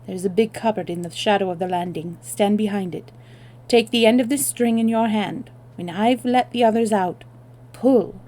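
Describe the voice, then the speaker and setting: A woman's voice: mid-range voice, normal speed, lightly acted. Woman putting on a bold young French maid. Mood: urgent. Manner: urgent and hushed, with French exclamations. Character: young French maid girl, quick and daring.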